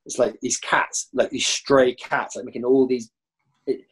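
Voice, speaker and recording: A husky man recounts his stories in an animated, rambling way. His mid-pitched voice leaps upward whenever he acts out teammates and coaches, and he is a former footballer chatting as a guest. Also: unhurried. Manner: animated, jumps high when acting out others. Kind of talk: anecdotal storytelling.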